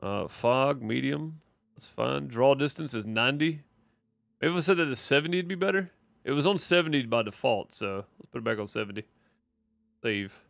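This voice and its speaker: A man's voice: mid-range voice, expressive, normal speed, gravelly, a bit bright, no echo, clean studio sound. A man with a Mississippi drawl giving loose live commentary over a game he's streaming. He rambles, answers his chat and leans on fillers as he goes. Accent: Mississippi Southern. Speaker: gaming streamer. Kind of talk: casual live gameplay commentary.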